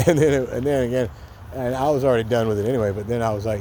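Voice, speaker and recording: A man's voice: medium pitch, level tone, quick pace, warm tone. An older man casually telling a story from his own life, rambling and candid, swearing and acting out what people said, recorded on a phone outdoors by a street. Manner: rambling, candid, restarts often, swears, acts out quotes. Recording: faint street noise outdoors.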